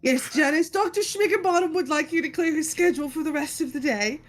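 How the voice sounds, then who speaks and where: A woman's voice: a little fast, close to an everyday voice. A woman voicing a little girl who plays an eager assistant bookkeeper in a tabletop game. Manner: eager, chirpy, high.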